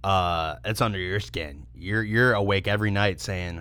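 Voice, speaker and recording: A man's voice: low voice, normal speed, bright, forceful tone, clean tone, dry recording. A young man co-hosting a podcast, chatting casually with sarcastic, rambling jokes and frequent laughs. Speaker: podcast co-host reviewing beer. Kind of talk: casual comedic chat.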